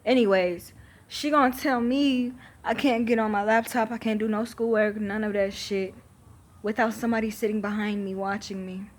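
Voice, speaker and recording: A woman's voice: medium pitch, fairly even intonation, moderate pace. A thirteen-year-old girl venting to camera, emphatic, exasperated and full of swearing. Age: teens.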